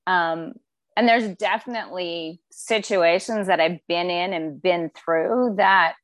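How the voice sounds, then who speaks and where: A woman's voice: on the low side, takes it slowly, no room sound. A woman, a podcast guest and former police officer, talking casually and acting out the voices of the people in her stories. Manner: animated storyteller, acts out quoted voices. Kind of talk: casual conversation.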